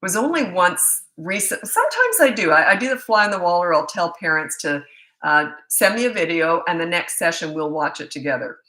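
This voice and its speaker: A middle-aged woman talks casually through a webcam, answering parents' questions with stories and easy laughs. Her voice is bright and sits a little low, with a loose, rambling rhythm. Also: big pitch swings, brisk, rough recording. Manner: chatty, storytelling, laughs often. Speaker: parenting coach. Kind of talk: live Q&A chat from home on webcam. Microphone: laptop webcam.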